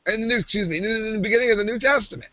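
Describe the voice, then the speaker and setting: A man makes emphatic, fired-up arguments, stumbling over restarts as he presses on. His voice is bright and sits a little high. The sound is dry and muffled, typical of a low-fi live stream. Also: rapid-fire, no room sound. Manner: impassioned, emphatic, with many restarts. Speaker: podcast co-host. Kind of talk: heated live-stream panel talk.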